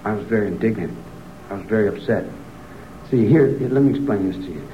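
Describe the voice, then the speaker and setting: A man answering an interviewer in a rambling, repetitive way, his voice climbing high and heated as he argues. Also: fast, roomy sound, slight background noise. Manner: rambling, repeats himself, climbs to a high agitated pitch. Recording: dull lo-fi archive recording.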